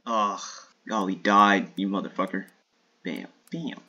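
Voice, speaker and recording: A man streaming a shooter game in casual live commentary, swearing and trash-talking opponents with sudden excited outbursts. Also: low-pitched, measured pace, breathy edge, lo-fi sound.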